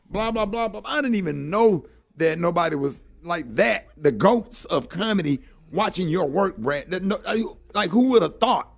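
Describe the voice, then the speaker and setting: High-pitched and gravelly, the voice of a middle-aged man hosting a morning radio show moves at a normal speed and stays expressive. He shares a heartfelt story in an earnest way, leaning often on "man" and "you know" as fillers.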